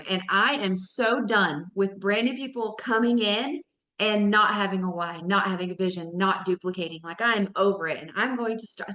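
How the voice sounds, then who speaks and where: A woman in her thirties, a mom of four, giving an energetic motivational training talk to her network marketing team, calling them y'all and jumping up in pitch when excited. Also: echoey room.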